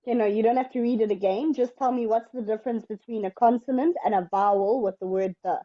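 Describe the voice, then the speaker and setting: A woman teaching English in an online lesson, explaining step by step in a patient, slow way. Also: on the high side, steady tone, lo-fi sound.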